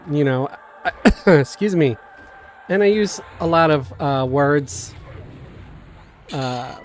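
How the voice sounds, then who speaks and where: A man's voice: fairly high pitch, clean tone. Chatty New man streaming a game. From Queens, New York. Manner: halting, many fillers and restarts, animated. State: coughing now and then. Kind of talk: casual live-stream chat. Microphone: desk mic, sometimes knocked.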